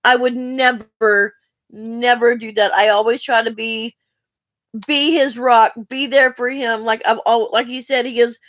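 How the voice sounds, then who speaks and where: Woman, fairly high voice, earnest, rambling, heartfelt, dry close sound. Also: fairly even intonation, a little slow, a bit bright, no echo. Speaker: vlogger asking viewers for help. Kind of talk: emotional personal talk to camera.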